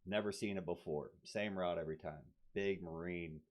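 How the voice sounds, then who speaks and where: A man with a voice that sits low speaks at normal speed as a podcast guest, telling a story casually. He swears freely and animatedly acts out the voices of people he quotes, all in dull lo-fi audio.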